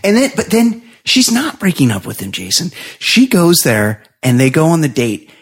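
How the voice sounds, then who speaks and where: A man's voice: fairly high pitch, wildly swooping pitch, normal speed, husky. A man co-hosting a podcast in casual chat, heated and sweary, often chiming in to agree. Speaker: podcast co-host.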